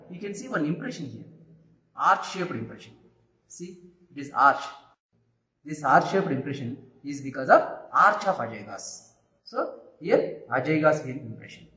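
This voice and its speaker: Male lecturer, animated higher voice, drills terms over and over, echoey room. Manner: repetitive teacherly, checks with "Right?" and "Clear?". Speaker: anatomy lecturer. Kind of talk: classroom anatomy demonstration.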